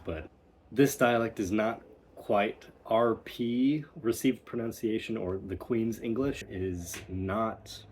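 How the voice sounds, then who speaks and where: Guy coaching dialect, low kinda husky voice, talks real slow, repeats example words. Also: darkish tone, slight background noise. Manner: unhurried and explanatory, demonstrating sounds by repeating words. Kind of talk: recorded instructional walkthrough.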